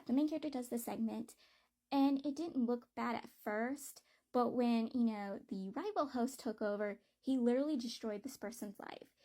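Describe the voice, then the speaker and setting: A woman's voice: a little high, mellow. A woman giving a casual book review, talking bluntly and with plenty of swearing and exasperation.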